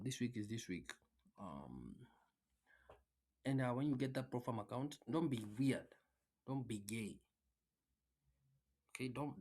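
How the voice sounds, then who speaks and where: A man talks straight at his audience in a loose, unscripted rant, hammering the same points over and over. His delivery is blunt and profane, with plenty of filler words. The pitch sits in an ordinary middle range for a man. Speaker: trading content creator. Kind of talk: casual motivational rant.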